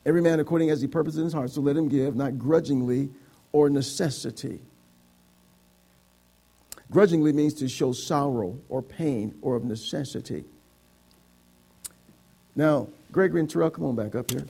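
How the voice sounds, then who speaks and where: A man preaches with a high, gravelly voice that has some fry in it. He is playful and teasing, slipping into put-on voices of reluctant givers to make his point. His delivery swings between lively emphasis and quieter asides. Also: moderate pace, pauses often. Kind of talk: sermon with a live object lesson.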